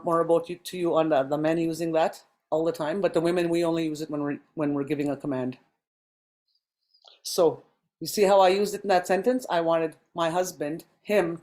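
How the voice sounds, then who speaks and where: Teaching a language class online, a woman speaks in a steady, darkish voice set slightly lower than usual. She takes each point slowly and patiently, dropping in ums along the way, and the recording has the quality of a video call.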